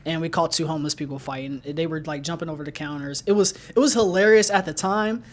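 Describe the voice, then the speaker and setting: A man's voice: on the high side, quick pace. A young man from Ohio co-hosting a podcast, telling stories with an upbeat, laughing manner and frequent restarts. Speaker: podcast co-host. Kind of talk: casual chat.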